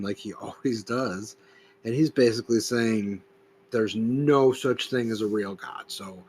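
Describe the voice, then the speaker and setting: A man's voice: mid-range voice, fairly bright tone, slight background noise. A man hosting a solo podcast, reading passages aloud and commenting on them in a casual, blunt way that includes swearing. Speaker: podcast host.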